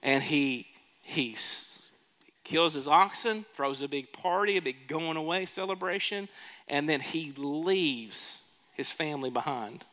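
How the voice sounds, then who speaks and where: Speaking a little slowly in a high-ish, bright and forceful voice, a man delivers a sermon as pastor, telling a story and asking the congregation questions. The setting is a church sanctuary, and the recording carries long church reverb.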